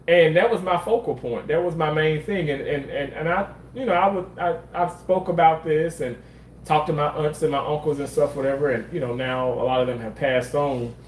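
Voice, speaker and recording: A man's voice: on the high side, reverberant, slight background noise, poor audio. Candid man telling a story. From Mississippi. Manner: candid, swears freely, rambling with restarts. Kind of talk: casual storytelling monologue.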